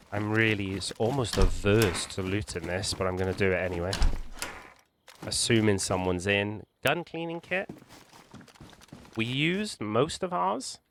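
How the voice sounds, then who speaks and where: A man hosting a gaming channel, calmly talking the viewer through a survival game, explaining tactics with small restarts. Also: fairly low pitch, slight background noise. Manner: calm, explanatory, hedging with restarts. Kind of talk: gameplay walkthrough commentary.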